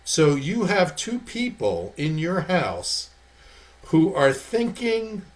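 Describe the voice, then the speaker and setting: Guy hosting a podcast, kinda high voice, punchy, keeps asking right?. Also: wildly swooping pitch, slow pace. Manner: emphatic, with rhetorical questions. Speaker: podcast host. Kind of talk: casual interview chat.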